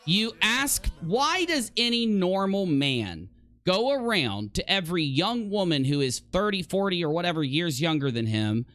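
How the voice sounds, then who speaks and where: A man with a high, sing-song, somewhat bright voice hosts a commentary channel, heatedly arguing against clips he plays. He's indignant and sarcastic, firing off rapid questions. There's no echo.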